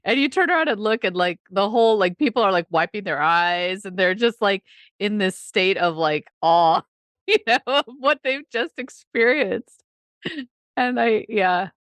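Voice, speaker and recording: A woman's voice: mid-range voice, animated, unhurried, a bit bright, no room sound. A woman co-hosting a podcast in casual chat, a coach who laughs often and talks with many fillers.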